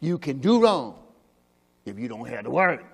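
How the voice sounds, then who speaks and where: A man preaching a sermon as pastor. He talks emphatically, asks the congregation questions, and drops into low quiet asides. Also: very animated, moderate pace, creaky, breathy edge. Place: church sanctuary. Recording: long hall reverb from a church service.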